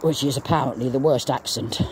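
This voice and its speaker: A man's voice: medium pitch, a little fast, a little hiss or hum. A man in his sixties rambling casually while walking his dog outdoors, drifting between topics and breaking off to talk to the dog. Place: outdoors in fields on a walk.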